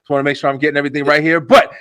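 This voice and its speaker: A man with a New Jersey accent hosting a web show over a video call, talking fast and excitably with lots of slang and fillers. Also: fairly high pitch, smooth, dry recording. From Elizabeth, New Jersey. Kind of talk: casual interview chat.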